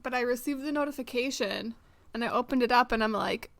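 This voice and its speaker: A woman's voice: fairly high pitch, fairly quick, creaky, fairly bright tone. A young woman from Michigan co-hosting a podcast, chatty and enthusiastic in casual conversation. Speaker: podcast co-host. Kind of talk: casual chat.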